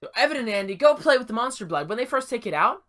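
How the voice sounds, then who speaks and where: A man co-hosting a podcast, retelling a story in casual chat with an animated, rambling delivery full of restarts and asides, recorded in an attic. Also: extremely high pitch, fast talker. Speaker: podcast co-host.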